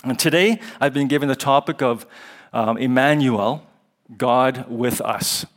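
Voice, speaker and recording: A guest speaker at a college chapel prays and then teaches from the Bible in a conversational way, his voice mid-range and a little slow. He ums and chuckles while explaining Hebrew and Greek words.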